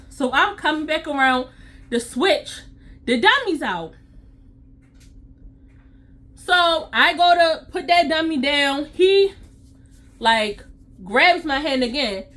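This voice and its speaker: A woman CPR instructor telling a story to her vlog audience in a sassy, animated way. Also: high voice.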